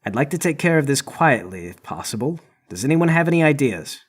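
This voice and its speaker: A man speaking as a player in a tabletop game, dry and deadpan, slightly away from the microphone. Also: on the high side, a little fast, husky. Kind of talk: in-character tabletop play.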